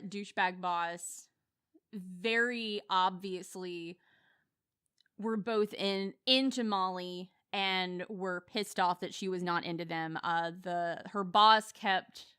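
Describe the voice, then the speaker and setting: A woman's voice: mid-range voice, fairly bright tone, clear, resonant tone, dry recording, clean studio sound. A young woman co-hosting a podcast, chatting casually about a movie, with lots of fillers and restarts. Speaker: podcast co-host. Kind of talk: casual movie review chat.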